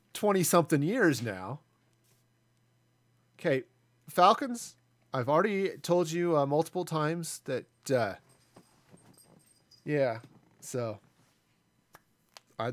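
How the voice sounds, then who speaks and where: A man in his forties chatting casually and self-deprecatingly as he streams a building game. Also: on the high side. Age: 40s. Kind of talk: casual live gameplay commentary.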